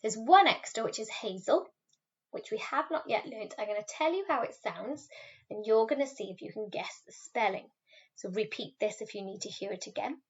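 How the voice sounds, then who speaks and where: A woman teacher giving a recorded French lesson, patiently modelling words slowly for pupils to repeat. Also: mid-range voice. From Wales. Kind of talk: recorded classroom video lesson. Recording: slightly dull, lo-fi recording.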